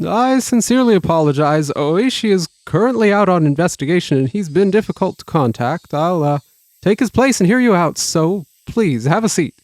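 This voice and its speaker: A man's voice: sits high, animated, moderate pace, a little mellow, no echo. A man playing a flustered, apologetic police chief. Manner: hesitant and deferential. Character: nervous, apologetic male police division chief.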